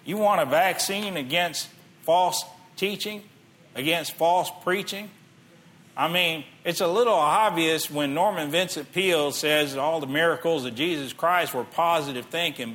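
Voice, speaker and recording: A man's voice: on the high side, moderate pace, fairly bright tone. A middle-aged man preaching a sermon in a conversational way, reading scripture aloud and asking the listeners questions. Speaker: pastor.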